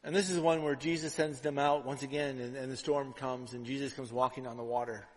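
A pastor delivering a conversational sermon, full of "right?" asides, swinging between loud and hushed. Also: male voice, medium pitch, steady tone, fairly quick, long reverb tail, poor audio.

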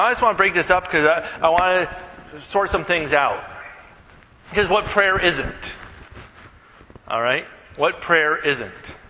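A man preaching a casual, conversational sermon, animated and joking with the congregation. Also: fairly high pitch, long reverb tail, slight background noise, rough recording. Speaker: pastor.

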